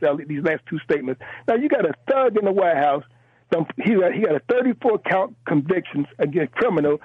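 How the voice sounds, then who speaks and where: A man's voice: high voice, slightly rough, dry recording. A man calling in to a radio talk show, speaking with fervor, stammering and restarting while he repeats words and adds "man" and "you know". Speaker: radio call-in caller. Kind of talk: impassioned call-in commentary. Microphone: telephone. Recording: phone line into a radio show.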